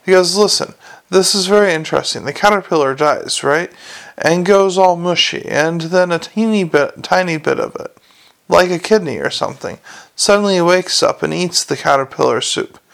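A sharp-tongued young noblewoman, bossy and scornful, who scolds and waves things away, as a male narrator puts her on. She sits a little higher than the reader's own voice, with a gravelly edge underneath. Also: normal speed. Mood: scolding. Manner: scolding, impatient, dismissive. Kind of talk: audiobook character reading.

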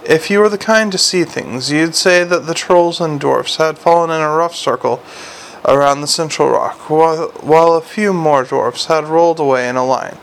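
A man reading a storybook and voicing a blunt, exasperated middle-aged watch commander who bursts into shouting. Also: fairly high pitch, moderate pace, a little hiss or hum, natural voice, rough recording. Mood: weary, brooding. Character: gruff harried middle-aged male city watch commander.

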